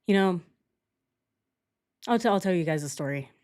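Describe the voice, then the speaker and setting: A young adult woman streamer telling a personal story in casual chat, candid and animated, acting out shouted quotes. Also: fairly low pitch, normal speed.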